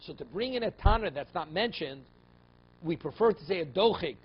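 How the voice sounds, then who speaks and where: Man teaching Talmud, fairly high voice, reads Aramaic then explains in English, keeps asking "okay?", slightly dull sound. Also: animated, brisk. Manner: mixes Aramaic quotes into English, asks "okay?" and "right?" often. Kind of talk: Talmud class, explaining texts. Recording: slightly dull, faint room noise.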